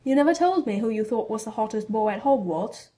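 A woman's voice: on the high side, animated, brisk, mellow, lightly acted. Woman reader doing a blunt, scheming schoolboy wizard; brash and teasing. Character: scheming teenage boy wizard, cheeky and blunt.

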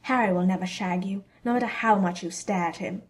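A woman's voice: mid-range voice, fairly quick, close to an everyday voice. Woman reader doing a blunt, scheming schoolboy wizard; brash and teasing. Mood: sneering. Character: scheming teenage boy wizard, cheeky and blunt.

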